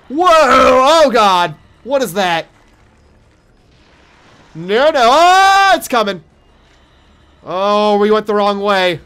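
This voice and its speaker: A young man giving let's play commentary on a horror game, jumpy and profane, yelling at monsters and taunting them. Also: sits high, sing-song, slow, pauses often, smooth. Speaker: gaming streamer.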